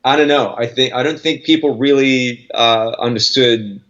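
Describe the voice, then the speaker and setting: A man's voice: medium pitch, moderate pace, a bit bright, lo-fi sound. A man with an Australian accent, chatting as a guest musician in a casual interview, rambling with restarts. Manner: rambling, restarts, laughs easily.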